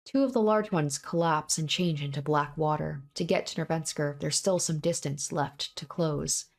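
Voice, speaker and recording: A woman's voice: low-pitched, moderate pace. A woman reading the first-person narration of a young man, in a grim, repetitive inner monologue from a visual novel. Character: young man narrating his own bloody fight. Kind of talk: visual novel read aloud.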